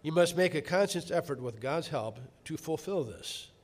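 A middle-aged man delivering a sermon in a somewhat high voice. He speaks earnestly, drawing out key words slowly and then swelling into emphatic, louder passages. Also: expressive. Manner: earnest, rising to emphatic peaks, slowing to stress words. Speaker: preacher.

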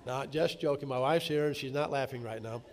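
A middle-aged male pastor preaching a sermon, telling stories and swinging from quiet asides to loud emphatic bursts. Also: medium pitch, brisk, background noise.

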